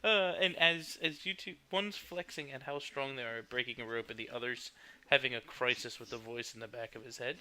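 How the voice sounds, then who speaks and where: A man's voice: mid-range voice, fairly quick, bright, forceful tone. A man running a tabletop game as game master, wry and laughing often.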